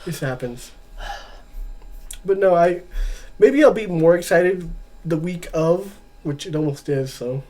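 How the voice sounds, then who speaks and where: A man co-hosting a wrestling podcast in casual chat, easygoing and quick to chuckle. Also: fairly high pitch, animated, darkish tone. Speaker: podcast co-host.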